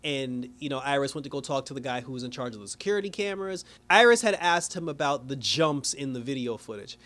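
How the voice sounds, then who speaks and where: A man's voice: mid-range voice, expressive, quick pace, fairly bright tone. A man reviewing a TV episode in a casual recap. He rambles, fills his talk with "you know" and "like", and laughs often.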